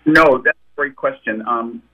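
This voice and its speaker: A man's voice: medium pitch, unhurried. A man, a novelist, answering interview questions and telling stories about his books, with frequent restarts. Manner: storytelling, thoughtful, with frequent restarts. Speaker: novelist guest. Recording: tinny phone line.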